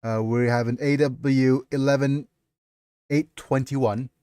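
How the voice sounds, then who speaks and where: Slow, rambling male livestream host. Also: medium pitch, steady tone, dark tone, clear, resonant tone, no room sound, studio quality. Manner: rambling, answers chat as he goes. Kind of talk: casual livestream chat and reading aloud.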